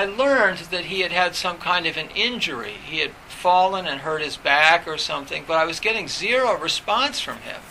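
A man's voice: sits high, bright, forceful tone, slight background noise, low-quality recording. A middle-aged man, a professor, candidly recalling his own past in a reflective, conversational way. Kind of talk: personal recollection in conversation.

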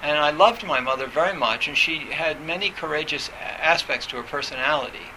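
Male meditation teacher, somewhat high voice, hesitant, restarts a lot. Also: background noise. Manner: hesitant, halting, many fillers and restarts. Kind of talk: reflective talk on meditation.

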